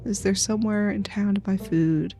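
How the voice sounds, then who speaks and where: A woman's voice: medium pitch, steady tone, moderate pace, warm tone, faint music behind. A young woman streaming a story game, chatting playfully and giggling as she reads along. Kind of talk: casual game commentary.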